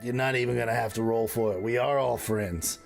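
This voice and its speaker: A man's voice: mid-range voice, fairly even intonation, brisk, gravelly, faint music behind, lightly acted. A man voicing a friendly, motherly woman who calls people honey and sweetie. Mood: affectionate.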